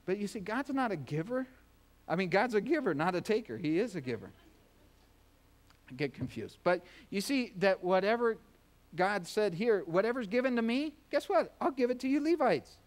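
A man's voice: sits high, very animated, moderate pace. A man preaching a sermon as pastor, folksy and joking, acting out voices to make his points. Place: church.

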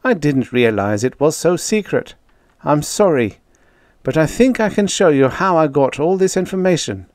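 A man plays a mild, earnest genius who talks politely and a touch apologetically. The voice sits higher than the reader's own and moves around a lot in pitch, in a dry, close recording. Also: expressive, normal speed, darkish tone, no echo, lightly acted.

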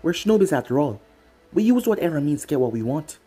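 A sneering, snake-like ninja villain, voiced by a fan-fiction reader, taunting his foes in a mocking, lively sing-song. The voice sits mellow and dark, with faint music behind. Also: mid-range voice, quick pace, natural voice. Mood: menacing.

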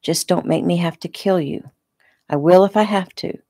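A woman reading the part of a menacing male attacker who speaks calmly and quietly in an audiobook. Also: lowish voice, moderate pace, vocal fry, no echo, studio quality. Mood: cold coaxing. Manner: calm, coaxing, quietly threatening. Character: menacing male attacker, soft-spoken and cold.

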